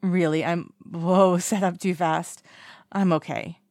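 For an audiobook, a woman voices a drunk, playful young man who is bubbly and teasing, calling out a name in a sing-song way. Her own voice is lowish and darkish, steady in tone and slow, with a dry, close sound and no room echo.

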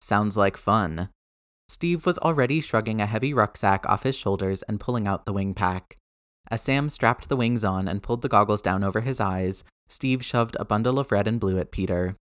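A man narrating fiction aloud in a lively, expressive reading. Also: lowish voice, a little fast, no room sound, clean studio sound.

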